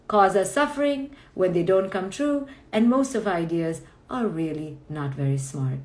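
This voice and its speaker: A woman's voice: on the low side, expressive, normal speed, few pauses, darkish tone, roomy sound. A woman, a psychologist, giving a playful, emphatic motivational talk on a livestream and acting out people's inner thoughts. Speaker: clinical psychologist hosting a book club livestream.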